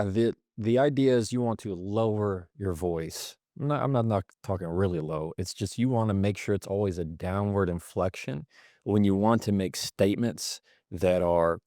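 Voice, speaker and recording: A man answering as a podcast guest, explaining in a measured way and acting out different tones of voice as examples. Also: low-pitched, a little mellow, no room sound, clean studio sound. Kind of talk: interview answers.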